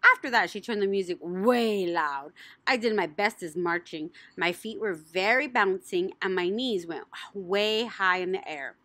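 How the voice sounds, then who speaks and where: A woman narrating a children's audiobook in an animated, playful way. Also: mid-range voice, unhurried, no room sound. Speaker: audiobook reader.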